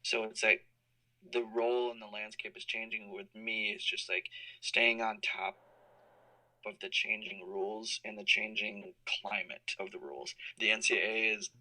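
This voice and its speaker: On this call recording, the speaker is a thirties-aged alumnus and college compliance officer fielding interview questions. His voice is on the low side, steady, bright and forceful at normal speed, and he explains thoughtfully with lots of fillers over low-quality audio.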